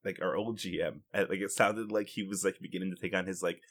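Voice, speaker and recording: Guy w a lowish voice cohosting a gaming podcast, jokey and animated. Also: fast talker. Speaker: podcast co-host. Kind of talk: casual chat.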